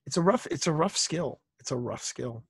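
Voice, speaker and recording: A man's voice: fairly high pitch, lively intonation, moderate pace, creaky, slightly rough, no echo, studio quality. A male guest on an interview podcast, telling workplace anecdotes in a casual way and often repeating phrases for emphasis. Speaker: author and entertainer guest.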